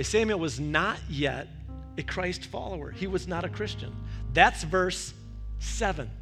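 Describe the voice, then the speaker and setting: A man's voice: on the high side, normal speed, faint music behind. A male pastor preaching a verse-by-verse sermon, telling stories and acting out the voices he quotes. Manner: animated storytelling with quoted voices.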